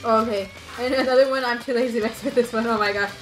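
A woman's voice: fairly high pitch, fairly even intonation, fast. A young woman hosting a casual game stream from a couch at home, bubbly and chatty, often laughing. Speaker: stream host. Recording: echoey room with game music.

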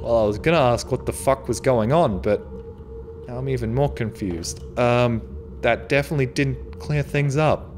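A man's voice: mid-range voice, moderate pace, background noise. A man giving profane, joking commentary while playing a horror game, yelping when startled. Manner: profane, jokey, yelps in surprise. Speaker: let's play host. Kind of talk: gaming commentary.

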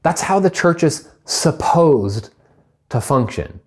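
Animated man preaching a sermon. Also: fairly high pitch, takes it slowly. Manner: animated preaching, acts out comic voices. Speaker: pastor.

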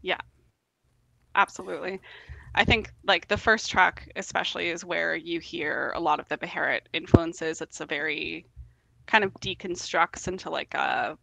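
A woman, a guest on a podcast, reviewing an album in a relaxed, casual chat full of ums. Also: lowish voice, moderate pace, vocal fry, no room sound, poor audio. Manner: relaxed, hesitant with frequent ums.

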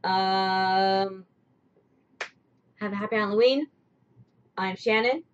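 A woman's voice: medium pitch, takes it slowly. A young woman casually co-hosting a live chat show, chatty and laughing often, restarting her sentences. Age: young adult. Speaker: host. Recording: dull lo-fi sound with faint noise.

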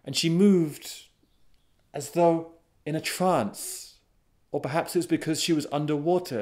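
A man telling a folk tale as a storyteller, unhurried and dramatic, with sudden swells of excitement. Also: fairly high pitch. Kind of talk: storytelling narration.

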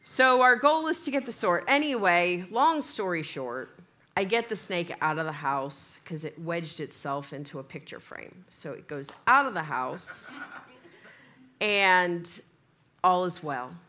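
This woman's voice is on the low side and her pace measured as she preaches a church sermon. She tells an amusing story from her own life, playing out both parts of the dialogue with lively energy.

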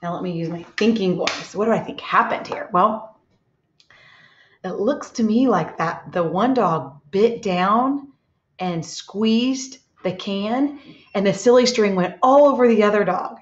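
A woman teaching a reading lesson to young children, reading aloud slowly and gently and stopping to ask them questions. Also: mid-range voice. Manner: slow, gentle, asks children questions and pauses. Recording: echoey, dull lo-fi room sound.

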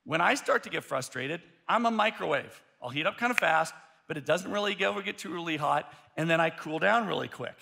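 A male pastor preaching a sermon, telling a story in an animated way, often restarting his sentences. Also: a little high, a little fast, gravelly.

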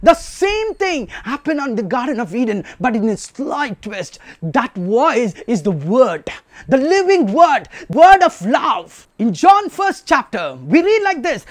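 A man delivering a sermon in a high voice that swings widely in pitch. He speaks slowly and leans on repetition and rhetorical questions. The sound is close and dry. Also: very animated, dry recording. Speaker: preacher.

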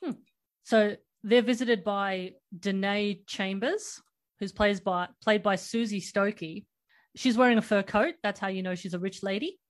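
A woman's voice: mid-range voice, unhurried. A woman hosting a podcast, recapping a movie in casual chat and laughing often. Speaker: podcast host.

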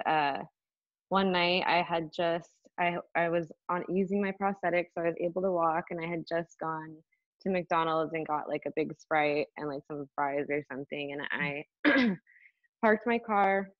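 Young woman guest, casual animated storyteller; dry, slightly lo-fi recording. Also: fairly low pitch, dry recording. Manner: animated, lots of fillers, acts out voices in anecdotes. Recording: dull, slightly lo-fi dry sound.

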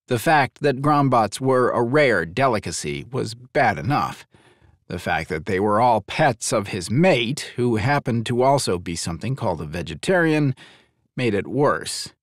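A male audiobook narrator with a mid-pitched voice that swings with lively intonation. The reading is dry and close, with no room sound. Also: no echo. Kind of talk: scripted narration.

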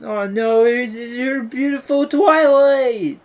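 A woman doing let's play commentary on a video game, excitable and giggly, often reading game lines aloud. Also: on the high side, takes it slowly, faint music behind. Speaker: gaming video host.

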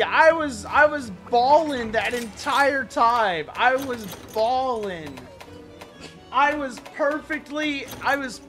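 A woman streamer giving excitable, chatty live gameplay commentary, breaking into mock-outraged rants. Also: fairly high pitch. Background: game music.

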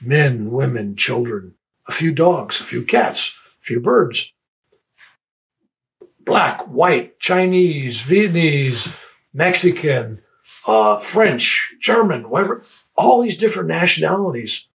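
An older man with a gravelly, fry-edged voice recounts his own extraordinary experience in a plain, unhurried way. He stumbles and repeats small words as he reaches for what he means, then carries on with the story. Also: fairly high pitch, animated, fairly bright tone, poor audio. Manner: halting, repeats words when searching for them. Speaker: interviewee. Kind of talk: personal storytelling.

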